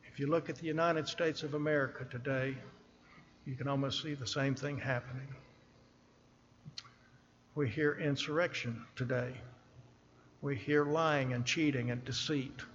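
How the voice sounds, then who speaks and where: A man preaching a sermon from a church pulpit, speaking slowly and earnestly and pressing hard on the scripture he reads. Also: mid-range voice, fairly even intonation, in a large hall, lo-fi sound, a little hiss or hum. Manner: earnest, slow and emphatic, rising on scripture.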